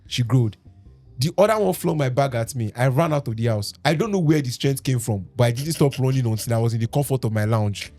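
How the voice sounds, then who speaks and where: A man's voice: medium pitch, lively intonation, a little fast, darkish tone, faint music behind. A Nigerian man hosting a podcast, reading a story aloud with dramatic delivery and breaking off to laugh and joke with his co-hosts. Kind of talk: casual podcast reading with banter.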